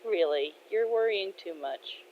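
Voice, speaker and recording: A woman voicing a kind, modest male shop owner who speaks calmly and reassuringly in a spoken fan story. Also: medium pitch, unhurried, a little hiss or hum, close to an everyday voice. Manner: calm, reassuring. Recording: dull lo-fi recording.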